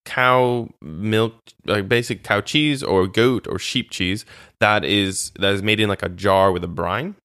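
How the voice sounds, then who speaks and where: A man's voice: on the low side, measured pace, smooth, dry recording, studio quality. A man being interviewed about his time as a volunteer, telling chatty stories with many fillers and restarts. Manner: chatty, animated storytelling with frequent fillers and restarts. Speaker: interview guest, former volunteer. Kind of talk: casual conversational interview.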